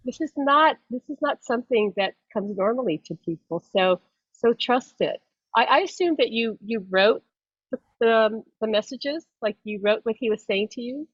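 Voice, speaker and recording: A woman's voice: a little high, expressive, normal speed, breathy edge, no echo. Woman medium, casual chat, rambling, restarts a lot, laughs, muffled lo-fi dry audio. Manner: rambling, self-interrupting, laughs often. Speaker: psychic medium and host. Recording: dull dry lo-fi sound.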